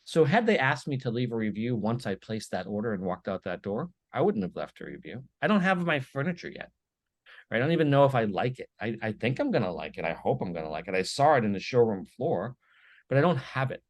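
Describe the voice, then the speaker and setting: A man's voice: mid-range voice, a little fast, no echo. Emphatic man telling business stories. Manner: energetic, emphatic storytelling with repeated "right?" tags. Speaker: podcast guest, business speaker. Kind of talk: podcast interview.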